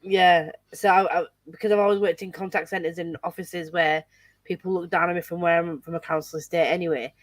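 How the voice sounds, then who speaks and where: A woman with a Yorkshire accent chatting casually with friends, laughing often and talking in quick bursts. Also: fairly low pitch, fairly even intonation, dry recording. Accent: Yorkshire English. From Yorkshire, England. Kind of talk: casual group chat on a livestream.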